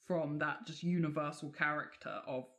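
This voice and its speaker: A woman's voice: deep voice, fairly even intonation, normal speed, a bit bright. A woman from England, a podcast co-host telling folklore tales in a chatty way with casual swearing and many fillers.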